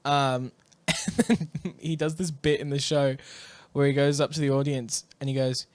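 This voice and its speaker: A man's voice: mid-range voice, moderate pace, dry recording. A man co-hosting a podcast in a studio, chatting casually, acting out funny bits and laughing often. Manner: animated storyteller, laughs often, acts out bits. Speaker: podcast co-host. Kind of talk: casual chat.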